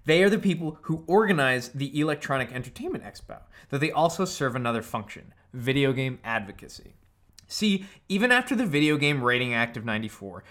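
A man co-hosting a podcast, reading a prepared history story in a measured way with casual asides. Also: medium pitch, fairly bright tone. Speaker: podcast co-host.

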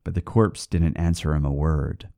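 A man hosting a podcast, reading a folk tale aloud with expressive storytelling. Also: a bass voice, normal speed, gravelly, dry recording.

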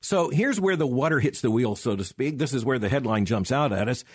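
A man's voice: mid-range voice, expressive, a little fast, husky, no room sound. A middle-aged man giving emphatic radio commentary, with sarcastic asides.

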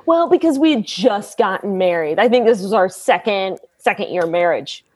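A woman, telling a family story in a lively, animated way and acting out what people said. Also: medium pitch, moderate pace, husky, no room sound. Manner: lively, laughing, acts out quotes.

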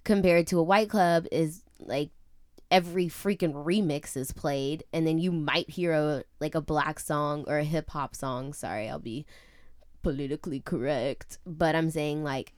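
A woman's voice: low voice, measured pace, no room sound. A young woman co-hosting a podcast in casual chat, swearing freely and padding her talk with fillers. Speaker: podcast co-host.

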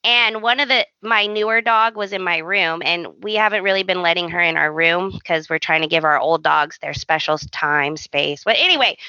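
A woman's voice: mid-range voice, dry recording, muffled recording. A woman co-hosting a podcast, chatting casually and acting out quoted lines as she tells a story. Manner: animated storytelling, acts out quotes. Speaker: podcast co-host. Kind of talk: casual chat.

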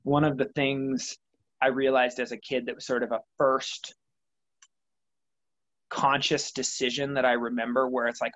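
A man's voice: mid-range voice, little pitch movement, normal speed, a bit bright, rough recording. A young adult man answering interview questions about his motivation, thoughtful and rambling with many fillers. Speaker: interview guest, triathlete. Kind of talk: reflective conversational interview.

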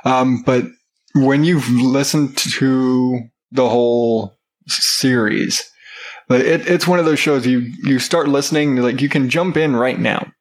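A man's voice: mid-range voice, measured pace. A man in his thirties co-hosting a family podcast, laid-back and joking, with casual swearing. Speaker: podcast co-host. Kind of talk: casual chat.

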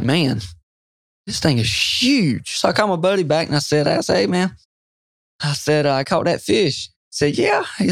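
A man, a guest telling an excited fishing story in an interview, quoting himself often. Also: a little high, no echo, studio quality. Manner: excited, animated storyteller who quotes himself a lot. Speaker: guest angler.

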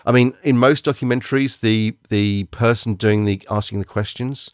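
A man's voice: fairly low pitch, steady tone, moderate pace, clean tone, no room sound, clean studio sound. A man hosting a podcast, reviewing films in casual, rambling chat, often restarting and searching for words.

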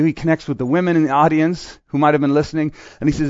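A man's voice: on the high side, steady tone, fast, hardly any pauses, darkish tone, dry recording, muffled recording. A middle-aged man from Quebec preaching a sermon in a casual, joking way, acting out little voices as he tells stories. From Quebec, Canada. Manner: conversational, joking, acts out voices in asides. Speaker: pastor.

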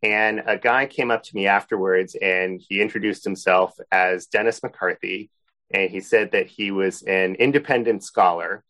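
A man's voice: low voice, fairly even intonation, normal speed, bright, forceful tone. A man being interviewed as an author, telling a friendly anecdote about how his book began. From Boston area. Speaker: author guest. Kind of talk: interview answers, storytelling.

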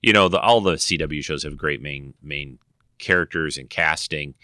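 A man's voice: extremely low pitch, normal speed, pushed and bright, smooth, no echo, clean studio sound. A man hosting his own podcast, chatting casually and rambling with many fillers and self-corrections. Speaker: podcast host. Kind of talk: casual chat.

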